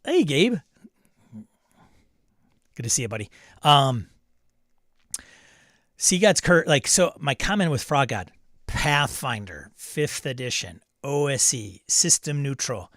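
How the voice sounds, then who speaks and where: A man's voice: medium pitch, lively intonation, slow, pauses often, a bit bright, no room sound, clean studio sound. A man hosting a casual live stream about tabletop games, chatting loosely and reading out messages from chat. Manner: chatty, rambling, reads chat aloud. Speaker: host.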